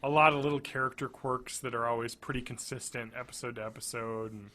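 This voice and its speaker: A man's voice: medium pitch, steady tone, fast talker, bright, forceful tone, a little hiss or hum. A man in his thirties co-hosting a casual podcast, rambling, laughing often and swearing freely. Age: 30s. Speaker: podcast co-host.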